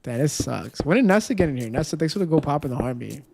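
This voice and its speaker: Fast and animated with vocal fry, this streamer's mid-range voice chats casually with viewers mid-game. Steps get counted aloud, and setbacks bring loud, dismayed outbursts, all over some background noise.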